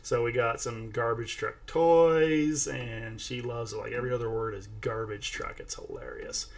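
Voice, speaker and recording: Casual tutorial host, male, mid pitch, gravelly texture, chatty. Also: animated, moderate pace. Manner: chatty, narrating each step while talking to a toddler. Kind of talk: casual screen-share tutorial.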